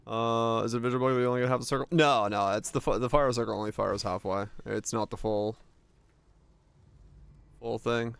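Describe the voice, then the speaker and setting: A man's voice: mid-range voice, fairly even intonation, moderate pace, gravelly, fairly bright tone, clear, resonant tone. A man streaming a video game, thinking aloud in casual commentary with a laid-back manner and the odd swear word. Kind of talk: casual live gameplay commentary.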